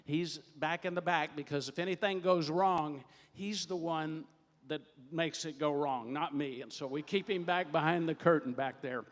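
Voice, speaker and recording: Older man joking with a hall crowd. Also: on the high side. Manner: folksy, joking, building to loud announcements. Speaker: producer warming up a studio audience. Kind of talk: crowd warm-up emcee. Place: large hall or theater stage. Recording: long hall reverb on a stage.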